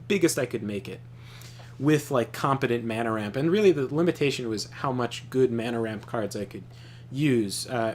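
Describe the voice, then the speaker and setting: A young man chats while he plays a game on stream, swearing freely as he tells animated stories. His voice sits at an ordinary middle pitch, and faint noise hums behind him. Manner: animated storytelling, swears often. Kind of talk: casual chat while gaming.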